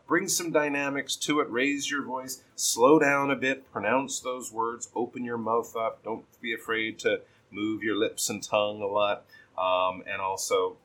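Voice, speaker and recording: Male speaking coach, low and slightly husky, patient feedback on a student's reading. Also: a bit bright, low-quality recording. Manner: patient, explains then models sentences slowly with exaggerated stress. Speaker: pronunciation teacher.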